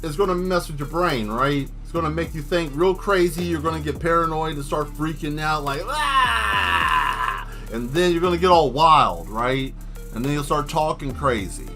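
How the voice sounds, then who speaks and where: A man's voice: on the high side, normal speed, a bit bright, soft background music. A man livestreaming while he draws, rambling through a joking rant and laughing at his own jokes. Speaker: livestreaming artist.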